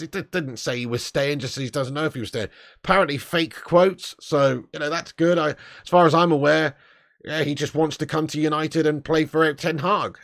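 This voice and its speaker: A man's voice: medium pitch, dry recording, clean studio sound. A man hosting a live football transfer news stream, brash and profane, full of banter. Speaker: fan channel host.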